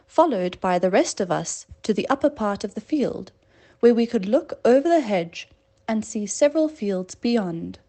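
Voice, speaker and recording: A woman with a slightly high, darkish voice reads a classic story aloud in a plain, conversational way. She fixes her slips as she goes along.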